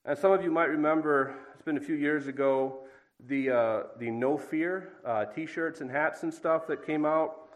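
A man's voice: on the high side, normal speed, low-quality recording. A middle-aged man reading a passage of scripture aloud, then giving a plain, conversational devotional talk with a dry aside now and then. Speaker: preacher.

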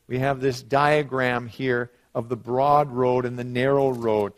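A middle-aged man preaching a sermon, moving from quiet asides to loud, emphatic passages and telling stories. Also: mid-range voice, fairly even intonation, slow pace. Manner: storytelling with acted quotes.

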